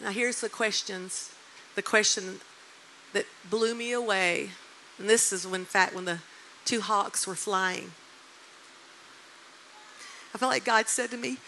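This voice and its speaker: Bright-voiced woman preacher in her sixties. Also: mid-range voice, unhurried, pauses often, a little hiss or hum, rough recording. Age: 60s. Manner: animated storyteller, emotional and emphatic. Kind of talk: sermon storytelling.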